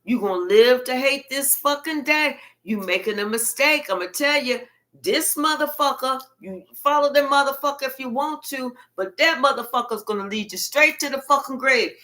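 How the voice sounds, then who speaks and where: A woman's voice: sits high, animated, moderate pace. A woman voicing a blunt, foul-mouthed person who delivers hard truths with heavy cursing. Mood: blunt, scolding. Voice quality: profane, forceful, street-talking.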